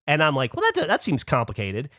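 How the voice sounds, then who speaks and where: A man hosting a podcast who tells a story in casual chat. He is animated, swears casually and acts out other people's lines. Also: mid-range voice, a little fast, no echo, studio quality. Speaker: podcast host.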